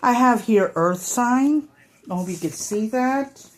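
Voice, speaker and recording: Slow, chatty woman reading tarot. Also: a little high, expressive. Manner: chatty, many fillers, acts out quoted thoughts. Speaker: tarot reader. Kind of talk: casual tarot reading to camera.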